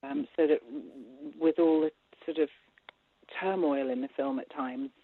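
A woman film director in a casual interview, chatty and quick to laugh, with many hesitations as she talks about her film. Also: low-pitched. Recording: husky voice over a tinny phone-like line.

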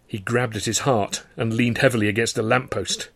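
A man, the author, reading his novel aloud in a measured, even storytelling manner. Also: mid-range voice, gravelly, a little hiss or hum. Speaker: author and narrator. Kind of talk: scripted audiobook narration.

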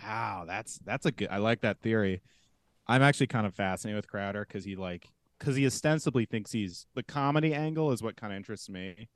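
A man's voice: lowish voice, a little fast, dry recording. A young man co-hosting a podcast, talking casually and scornfully with plenty of filler words. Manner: opinionated, scornful, many "like" fillers. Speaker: podcast co-host.

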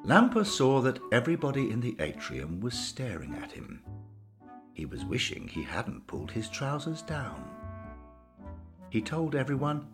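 Man reading a story out slow, voice bouncing all over, faint music under. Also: medium pitch. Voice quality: lively, sing-song storytelling. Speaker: narrator. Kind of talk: scripted storybook narration.

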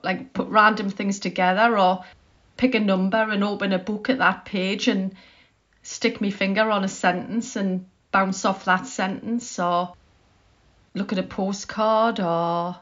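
A woman's voice: mid-range voice, fairly even intonation, a little slow, fairly bright tone. A chatty woman author being interviewed, who talks about her work in a loose, self-deprecating way. Her voice sits in a middle register. The recording sounds dull and lo-fi. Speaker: short story writer as podcast guest. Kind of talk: conversational interview.

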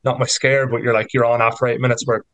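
Chatty Irish man, flat delivery. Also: medium pitch, fast, dry recording, rough recording. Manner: chatty, rambling storyteller with many fillers. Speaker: rugby player guest. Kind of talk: casual podcast interview.

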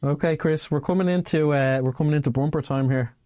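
A man's voice: a little high, quick pace, dark tone, dry recording, highs cut off. A man hosting a casual podcast, playful and chatty. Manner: playful, sings and reads rhymes aloud. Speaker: podcast host.

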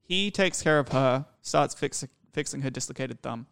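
Frank young man, smooth voice. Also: medium pitch, moderate pace, a bit bright, no echo. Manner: rambling, frank, sweary. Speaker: podcast guest storyteller. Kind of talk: candid personal storytelling.

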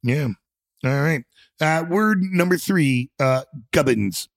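A man's voice: on the high side, animated, slow, gravelly, no room sound, studio quality. A man co-hosting an indie music show, chatting casually and playfully, joking and sometimes tripping over words. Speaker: show co-host. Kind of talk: casual radio show chat.

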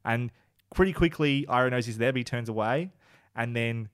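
A man co-hosting a casual podcast, retelling favourite scenes with enthusiasm and getting emotional. He swears casually and talks in a relaxed, rambling way. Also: mid-range voice, normal speed, smooth, dry recording, studio quality. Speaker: podcast co-host. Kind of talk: casual chat.

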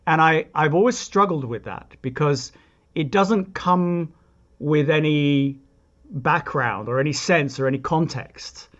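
A man's voice: fairly high pitch, measured pace, a bit bright, dull audio. A man, a composer explaining his ideas in a thoughtful, reflective interview. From England. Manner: thoughtful, reflective, with frequent restarts and asides. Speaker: composer, guest.

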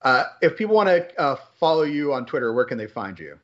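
A man hosting a podcast in a casual, rambling chat, animated and full of fillers. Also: on the high side, fast, dull audio. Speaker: podcast host.

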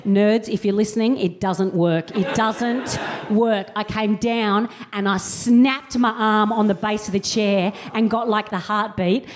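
Animated woman comic, self-mocking storyteller. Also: medium pitch, measured pace, slight background noise. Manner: animated, acts out quotes in mock voices. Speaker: comedian and co-host. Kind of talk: comic storytelling before a live audience.

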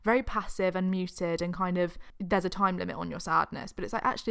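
A woman's voice: fairly low pitch, steady tone, fast, creaky, hardly any pauses, fairly bright tone. A woman co-hosting a podcast, talking frankly and with exasperation in casual chat, swearing freely. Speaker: podcast co-host.

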